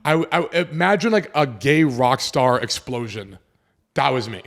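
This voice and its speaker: A young man in his twenties tells a story on a podcast, casually and with plenty of swearing. He jumps into the voices of the people in the story, and his pitch sits in an ordinary middle range. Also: unhurried. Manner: animated, acts out quoted voices, swears casually. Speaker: podcast host.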